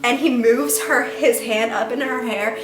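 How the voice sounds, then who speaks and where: A woman giving a casual, rambling book review rant, excitedly retelling scenes with lots of "like". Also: on the high side, measured pace, music in the background. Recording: echoey room.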